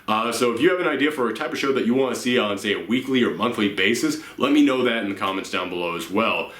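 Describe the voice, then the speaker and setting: A man's voice: on the low side, quick pace, a bit bright, reverberant. A young man hosting his own channel, talking unscripted and earnestly to his viewers late at night, a little tired and rambling. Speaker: YouTube channel host. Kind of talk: casual vlog to viewers.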